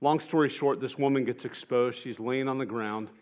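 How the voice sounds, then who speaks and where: Earnest male preacher, soft then emphatic. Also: mid-range voice, moderate pace, highs cut off. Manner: earnest, builds to emphatic peaks, drops soft and tender for quoted lines. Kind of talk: sermon retelling gospel scenes.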